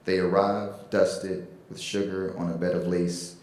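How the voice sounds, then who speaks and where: A man giving a slow, measured poetry reading at a public event. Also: low-pitched, flat delivery, a little mellow. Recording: very echoey hall.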